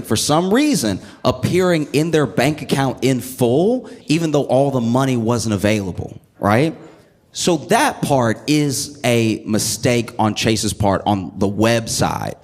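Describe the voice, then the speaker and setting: A man telling a stand-up comedy bit with animated storytelling, the audience laughing along. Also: mid-range voice, measured pace.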